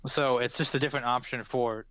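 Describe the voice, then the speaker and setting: A man's voice: mid-range voice, steady tone, fairly quick, a bit bright, no echo. Male game master, rambling narration full of fillers, close and dry.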